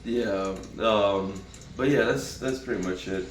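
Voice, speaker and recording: This man's voice sits on the low side, and he takes things slowly as he rambles through a casual, foul-mouthed review of a TV episode, often restarting. The audio is roomy and far-off, with a touch of background noise.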